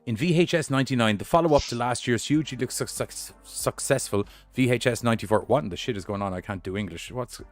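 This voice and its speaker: A man's voice: mid-range voice, fast, hardly any pauses, no echo, faint music behind. A man hosting a podcast, reading horror news headlines with rambling, sweary, jokey asides.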